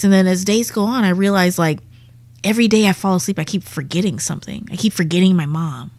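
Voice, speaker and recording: A woman's voice: medium pitch, a little fast, no room sound. A young adult woman, a comedian guest, telling a vivid and profane story in a casual way.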